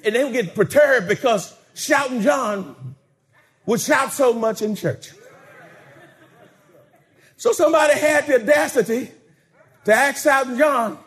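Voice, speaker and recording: A male pastor preaching a sermon, shouting and drawing his words out, breaking into laughter. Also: very high-pitched, a little slow, pauses often.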